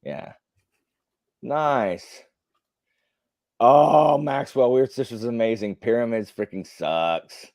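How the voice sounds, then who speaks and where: A man's voice: medium pitch, takes it slowly, pauses often, a little mellow, no room sound, clean studio sound. A man hosting a live stream, chatting casually and answering viewer comments in a rambling, filler-heavy way with blunt opinions. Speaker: livestream host. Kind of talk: casual chat while reading viewer comments.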